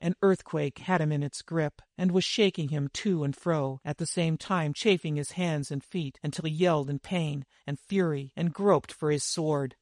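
A man narrating a dramatic adventure story in a measured, deliberate reading style. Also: fairly high pitch, fairly even intonation, darkish tone, no room sound, studio quality. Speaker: audiobook narrator.

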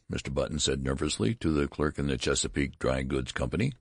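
A very deep-voiced man reading a story aloud, measured and wry. His voice is gravelly with a husky edge, and his pitch moves in a lively way. The recording is dry and close. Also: no echo. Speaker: narrator.

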